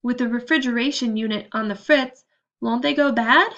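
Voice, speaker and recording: A woman's voice: a little high, normal speed, fairly bright tone, highs cut off. Woman voicing a worried mother. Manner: concerned. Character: worried middle-aged mother.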